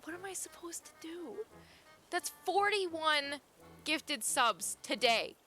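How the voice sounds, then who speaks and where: A young woman chatting casually with her viewers as a live streamer, chatty and quick to get excited, laughing often. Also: high voice, soft background music.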